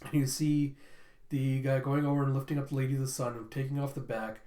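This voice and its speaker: A man hosting an anime reaction video, recapping scenes excitedly and reading every character's lines himself. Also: mid-range voice, fast talker. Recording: roomy echo.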